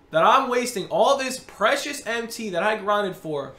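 Male gaming creator, slow exasperated ranting commentary with big pitch swings, roomy echo. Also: expressive, a bit bright. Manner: exasperated, ranting, frequent groans and sighs. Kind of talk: video game pack opening commentary. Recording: roomy echoey recording.

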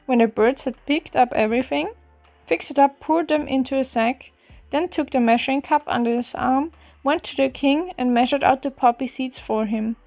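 A woman reads an old fairy tale aloud in a gentle, even storybook manner. Her voice sits high and clear, with soft music playing faintly behind her. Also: moderate pace.

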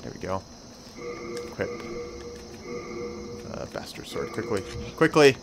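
Excitable young man narrating his game. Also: low voice, a little slow, gravelly, music in the background. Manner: excitable, swearing, talks to himself. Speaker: gameplay commentator. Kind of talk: let's play commentary.

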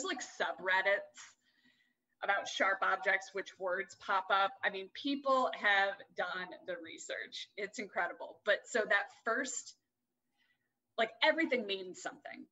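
A woman's voice: medium pitch, pushed and bright, rough recording. A young adult woman co-hosting a podcast, chatting casually and swearing freely as she rants. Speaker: podcast co-host. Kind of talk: casual chat.

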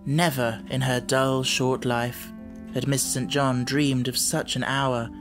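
A man reading an audiobook aloud in a measured storytelling manner. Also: mid-range voice, flat delivery, music in the background. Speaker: audiobook narrator. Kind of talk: scripted narration.

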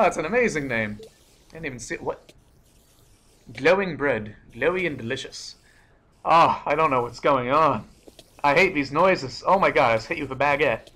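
Young man, bright edgy voice, excitable gameplay commentary, frequent swearing, startled yelps. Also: fairly high pitch, moderate pace. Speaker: let's play gamer.

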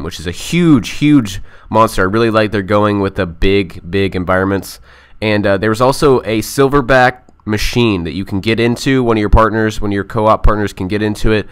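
Young guy rambling excitedly about games, smooth clear voice, lowish. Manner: enthusiastic, rambling, unsure of details. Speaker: gaming vlogger. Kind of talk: casual game news recap.

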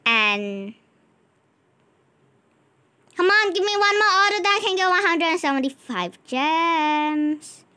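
A woman with a high, bright voice narrates a game role-play for her channel. She chats easily, turning between her co-player and the viewers. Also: expressive, slow, pauses often. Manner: chatty, talks to a co-player and to viewers in turn. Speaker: gaming channel host.

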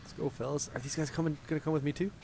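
A man's voice: a little high, fairly even intonation, very fast, creaky, mellow. A man giving casual let's play commentary on a headset, thinking aloud and chatting to the characters on screen. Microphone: gaming headset.

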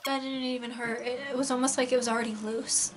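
A woman's voice: on the high side, level tone, fast talker, a loud crowd. A woman of nineteen filming a casual vlog at home, sounding tired, swearing freely and cooing baby talk at her cat. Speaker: vlogger.

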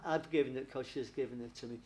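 A man's voice: mid-range voice, fairly even intonation, very fast, a little mellow. A man working as a medium at a spiritualist church service, chatty and affectionate, laughing often and calling listeners darling. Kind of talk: spiritualist church platform reading.

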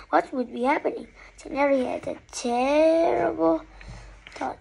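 A woman's voice: high voice, unhurried, gravelly, dark tone, a little hiss or hum, poor audio. A woman reading a children's story aloud, narrating expressively.

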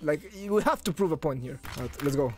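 Excitable young man, lively high voice. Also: a little fast, music in the background. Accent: non-native English accent. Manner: excitable, swings between groans and shouts. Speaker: streamer. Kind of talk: live gameplay commentary.

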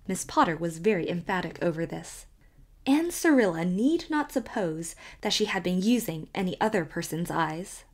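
A woman reading a classic novel aloud as an audiobook narrator in a measured storytelling manner. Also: lowish voice. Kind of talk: scripted narration.

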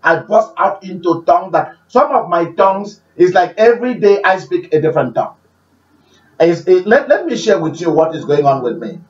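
A man preaching a sermon, repeating phrases and swinging between loud declarations and hushed prayer. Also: sits high, big pitch swings, normal speed. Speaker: pastor. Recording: roomy, distant, dull-sounding recording.

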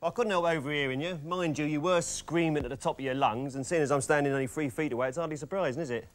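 A man playing a smooth-talking salesman with deadpan asides in a sitcom. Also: on the high side, fast, close to an everyday voice. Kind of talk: sitcom comedy acting.

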